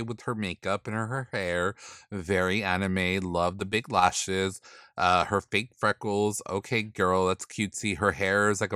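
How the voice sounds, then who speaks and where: A man giving sassy, blunt casual commentary, swearing freely and dismissing outfits with drawn-out put-downs. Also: fairly low pitch, a bit bright, smooth, dry recording, clean studio sound. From not from the East Coast. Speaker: commentator reviewing drag looks.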